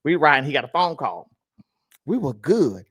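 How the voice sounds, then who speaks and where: Animated man telling stories. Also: on the high side, moderate pace, breathy edge. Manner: animated storytelling, laughs while telling. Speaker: podcast co-host. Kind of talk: casual podcast chat.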